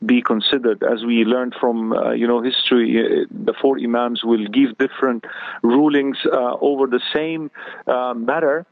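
A man's voice: mid-range voice, steady tone, normal speed, dry recording. A man giving earnest religious advice as a guest on a radio show, hesitating often as he speaks. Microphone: phone. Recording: tinny phone line.

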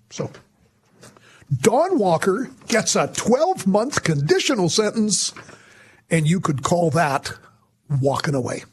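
A man hosting a talk radio show, giving emphatic, sarcastic commentary with sudden jumps in pitch. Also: big pitch swings, normal speed, slightly rough.

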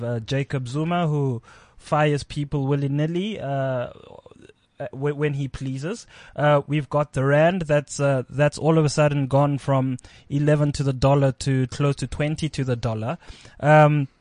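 A man co-hosting a radio talk show, soft-spoken and rambling with many restarts. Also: a little high, no echo, clean studio sound. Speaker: radio co-host.

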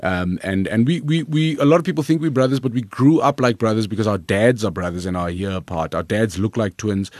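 South African man with a low, dry voice. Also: fairly quick, hardly any pauses, dry recording. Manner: lively, rambling, repeats words when restarting. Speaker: comedian guest. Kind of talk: storytelling interview answers.

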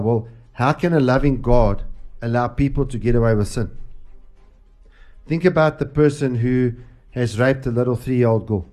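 Earnest preaching man, mellow voice. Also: mid-range voice. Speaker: host. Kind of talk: casual Christian talk show, preaching.

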